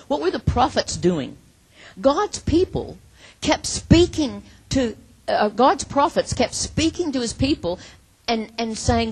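A woman preaching a sermon in an earnest, emphatic way, acting out imagined prayers and dropping from loud to hushed. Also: on the high side, gravelly, slightly rough, low-quality recording.

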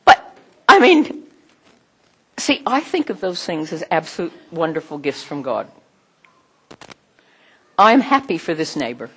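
A middle-aged woman, giving a sermon with personal stories in a chatty, animated way and often laughing. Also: fairly low pitch, a little slow, pauses often, slightly rough.

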